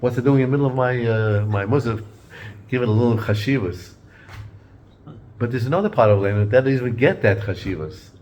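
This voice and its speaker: A man's voice: medium pitch, fairly quick, darkish tone, highs cut off. A man teaching an informal Torah class in a conversational way, often repeating and restarting words and mixing in Hebrew and Yiddish terms.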